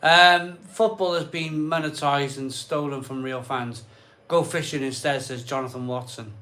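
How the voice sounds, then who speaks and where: A man's voice: mid-range voice, steady tone, unhurried, pushed and bright. Chatty man hosting a live stream. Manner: rambling, repeats himself, chatty. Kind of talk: casual live chat reading comments. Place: cold home conservatory bar.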